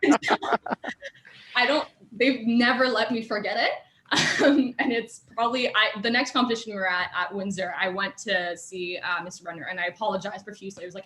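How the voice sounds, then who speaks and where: This young adult guest has a medium pitch and a slightly bright tone, and she talks at a fairly quick clip. Chatting casually, she recounts tales from her student robotics team with plenty of filler words and laughs. It was recorded in an echoey room.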